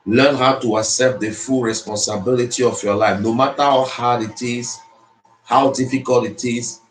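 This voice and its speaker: Motivational speaker, man, mid-pitched, preachy and repetitive, in an echoey room. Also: steady tone, moderate pace. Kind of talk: motivational speech. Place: speaking to an audience in the Philippines. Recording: roomy echo.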